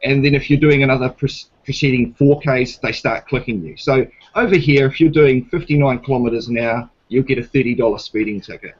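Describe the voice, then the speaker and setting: A man's voice: medium pitch, a little fast, hardly any pauses, husky, highs cut off. A man with a New Zealand accent talking in a casual debate, blunt and swearing, retelling a police stop and playing both sides of it. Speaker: guest.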